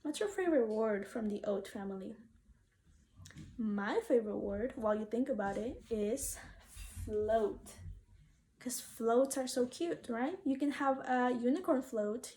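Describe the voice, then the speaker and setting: A fairly high-voiced woman leads a children's phonics lesson at an unhurried pace. She sounds out each word carefully and prompts the class to say it back. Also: mellow. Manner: slow, clearly sounded-out words with call-and-response prompts. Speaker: teacher.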